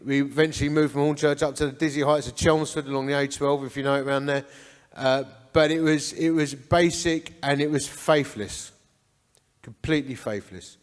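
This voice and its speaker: A man's voice: fairly high pitch, fairly even intonation, moderate pace, big-room sound. A man in his forties with an Essex accent, telling his life story to a church men's breakfast in an earnest, conversational storytelling way. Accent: Essex English. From Essex, England. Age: 40s. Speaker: men's ministry founder speaking at church breakfast. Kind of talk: testimony talk. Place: church hall.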